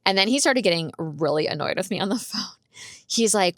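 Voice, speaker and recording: A woman's voice: mid-range voice, animated, a little fast, fairly bright tone, no echo, studio quality. A woman vlogger telling a personal story in a chatty, rambling way. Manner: chatty, rambling, many "like"s, laughs while telling. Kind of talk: casual storytelling vlog.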